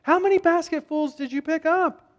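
A man's voice: extremely high pitch, expressive, brisk, big-room sound, pitched above the performer's own voice. A man reading Jesus's words aloud in a sermon, playing him as an exasperated teacher who questions his followers. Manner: questioning, scolding lines read aloud with emphasis.

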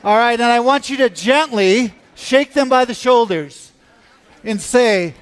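A man's voice: very high voice, measured pace, clear, resonant tone. A man giving an earnest talk at church about a mission trip, and leading the congregation in a hands-on exercise. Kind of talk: sermon.

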